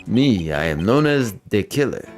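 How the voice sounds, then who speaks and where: A man voicing a calm, menacing male assassin who speaks slowly and businesslike. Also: on the low side, soft background music.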